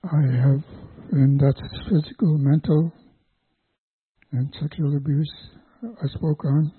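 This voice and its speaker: An older man from Canada giving a personal testimony as a church guest, speaking haltingly with pauses and restarts. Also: on the high side, steady tone, husky, dry recording. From Canada, Vancouver Island. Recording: tinny phone-like dry recording.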